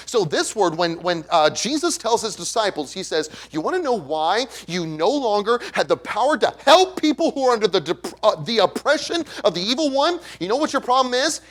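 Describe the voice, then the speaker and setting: A man preaching an evangelistic sermon in a church, who asks the congregation questions and acts out the voices of others. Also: sits high. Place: church sanctuary.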